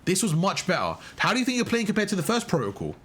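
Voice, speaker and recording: A young man coaching a player through a live match, talking at a rapid clip in a husky, slightly raised voice. He praises good plays emphatically and repeats his instructions until they land. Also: high-pitched, wildly swooping pitch, fairly bright tone. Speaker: game coach. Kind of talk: live gameplay coaching commentary.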